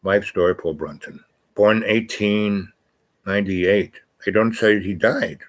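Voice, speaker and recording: A man's voice: on the low side, steady tone, unhurried, poor audio. An older man talking in a meandering, casual monologue, correcting himself often and reading aloud from a screen. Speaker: channel host.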